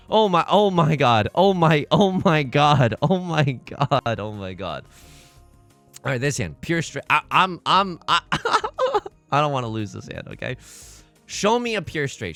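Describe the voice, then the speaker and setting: Excitable young man telling a story. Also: a little high. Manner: animated, excitable, quick to laugh and exclaim. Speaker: gaming video creator. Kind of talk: casual storytelling while playing a game.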